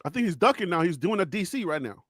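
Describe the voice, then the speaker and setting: A man with a Liberian accent hosting a live sports debate, excitable, repeating words and laughing often. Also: high voice, fast talker, a little hiss or hum. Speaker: host.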